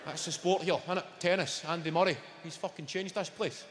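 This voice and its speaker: A man's voice: sits high, fairly even intonation, a little fast, few pauses, heavy background noise. A Scottish man doing live stand-up in a large theatre, sardonic and sweary as he teases the audience. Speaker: stand-up comedian. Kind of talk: live stand-up routine with crowd work. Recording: echoey hall, loud audience laughter.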